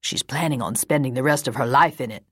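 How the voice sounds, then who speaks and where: A woman's voice: extremely low pitch, a bit bright, slightly rough, no room sound, studio quality, exaggerated voice. Woman voicing a dismayed older male attorney. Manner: measured, earnest pleading.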